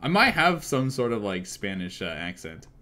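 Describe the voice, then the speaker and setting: A young man streaming a game live and chatting casually, excitable and swearing freely as he thinks aloud. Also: on the low side, normal speed.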